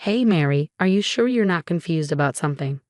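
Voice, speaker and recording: A woman's voice: deep voice, expressive, fairly quick, a little mellow, no echo, clean studio sound. A woman voicing a sarcastic, hostile middle-aged mother-in-law who snaps and sneers, in a narrated storybook drama. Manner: sarcastic, snapping.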